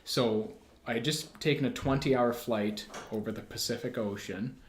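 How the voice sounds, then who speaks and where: Brief: male podcast guest, middle-pitched, chatty and animated with lots of filler words, recorded in a reverberant room. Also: moderate pace, slight background noise. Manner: animated storyteller, frequent "like" fillers. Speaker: bagpipe player. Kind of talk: casual storytelling chat. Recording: roomy echo.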